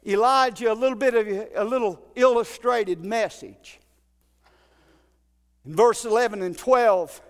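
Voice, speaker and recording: A man preaching a fervent Pentecostal sermon in a church, building to shouts. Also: very high-pitched, long reverb tail. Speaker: pastor. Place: church sanctuary.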